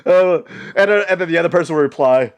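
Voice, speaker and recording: A man's voice: a little high, fast talker, clear, resonant tone, muffled recording. A man vlogging in a loose, rambling way, full of fillers and restarts, amused by his own jokes. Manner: mocks others in silly put-on voices. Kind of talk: casual rambling vlog.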